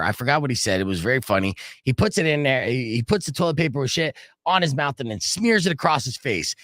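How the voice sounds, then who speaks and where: A man's voice: on the high side, dry recording, clean studio sound. A man hosting a morning radio show, telling a long story in a loose, swearing way and acting out the people in it. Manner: animated storyteller who acts out voices and swears freely. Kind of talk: casual morning radio talk. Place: radio studio. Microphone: studio microphone.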